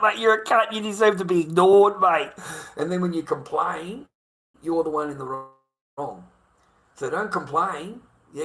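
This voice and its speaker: A man's voice: medium pitch, fairly bright tone. A man with an Australian accent talking casually to camera, blunt and heavily profane, circling back with repeated rhetorical questions.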